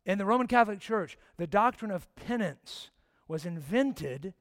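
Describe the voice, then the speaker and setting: A man preaching a sermon as pastor, impassioned, swinging from loud emphasis down to hushed near-whispers and putting direct questions to his listeners. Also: high-pitched, expressive, moderate pace, no echo, clean studio sound.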